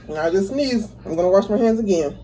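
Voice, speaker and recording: Here the home cook sounds expressive and quick, her mid-range voice carrying over background noise. Easygoing and talkative, she laughs a lot while taking viewers step by step through a recipe in a casual kitchen tutorial.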